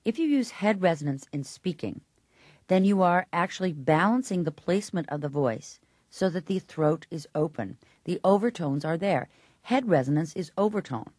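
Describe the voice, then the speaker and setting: A voice teacher with a lowish, darkish voice and lively intonation explains technique at normal speed in an interview, breaking into brief sung examples. The recording is dry, with clean studio sound.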